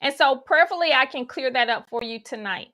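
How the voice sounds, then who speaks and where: A woman's voice: high-pitched, a little fast, sharp tone. A woman giving a spiritual teaching talk, guiding listeners through imagery with folksy asides.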